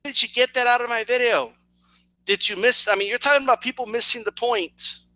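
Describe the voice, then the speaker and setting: A man's voice: very high voice, steady tone, fairly quick, bright, forceful tone, no echo, poor audio. A man hosting a reaction video, talking in a mocking, sarcastic way with frequent stutters and restarts. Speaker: reaction channel host.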